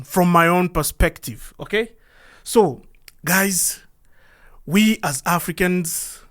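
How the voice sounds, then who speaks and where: A man from the Democratic Republic of the Congo speaks with a Congolese accent, hosting his podcast as a loose solo monologue. His voice sits high for a man, and he rambles earnestly, often stopping to ask himself questions. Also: a bit bright. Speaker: podcast host. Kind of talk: casual monologue.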